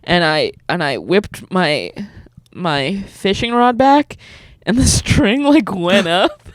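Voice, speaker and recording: A woman's voice: fairly low pitch, animated, slow, no echo. A young woman co-hosting a comedy podcast, telling stories in a rambling, giggly way. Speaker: podcast co-host. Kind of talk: casual comedic chat.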